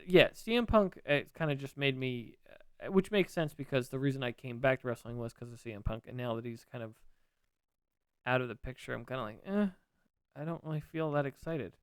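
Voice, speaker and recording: A man's voice: medium pitch, brisk, clean tone, dry recording, studio quality. A man co-hosting a casual wrestling podcast, laid-back and jokey, rambling with restarts. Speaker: podcast co-host.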